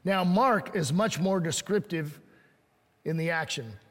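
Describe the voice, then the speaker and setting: A man with a high voice preaches in a relaxed, conversational way, reading scripture aloud and voicing the people in it. The sound carries a long hall reverb, as if he stands in a large church. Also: unhurried. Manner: conversational preaching, acts out quoted lines. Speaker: pastor. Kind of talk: sermon.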